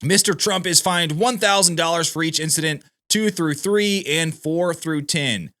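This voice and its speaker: Guy reading as a stern judge, formal, bright voice. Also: on the high side, a little slow, voice pushed up.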